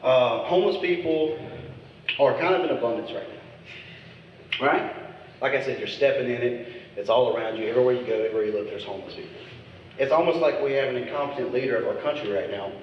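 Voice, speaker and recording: A male stand-up comedian working a crowd with crude, teasing bits. His voice sits at an ordinary middle pitch. It comes across as a dull, slightly muffled recording from a distance in a long-echoing club, with faint noise behind it. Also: a little fast. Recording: echoey club recording from far off.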